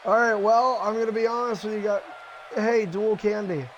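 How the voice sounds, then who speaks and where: Swearing at tardy players and bossing everyone around, a young man sets up matches casually while hosting an online wrestling league livestream. He's high-pitched with fairly even intonation and a moderate pace, heard through a muffled recording with a little hiss or hum.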